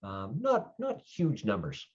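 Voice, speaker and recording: A man narrating a tabletop game as storyteller, relaxed and descriptive, with many fillers. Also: on the low side, slow pace, husky. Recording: dull lo-fi stream audio.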